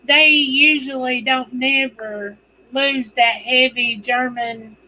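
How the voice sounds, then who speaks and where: A woman's voice: sits high, steady tone, bright, forceful tone, slight background noise, low-quality recording. A woman chatting casually, laughing often and drawing her words out. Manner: laughing, drawn-out talk. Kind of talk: casual chat.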